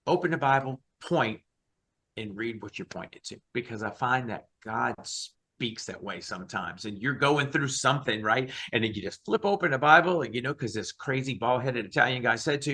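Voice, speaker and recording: Fired-up husky man preaching on a call. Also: medium pitch. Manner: fired up, emphatic, animated. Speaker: guest, Christian rock singer. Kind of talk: passionate interview talk.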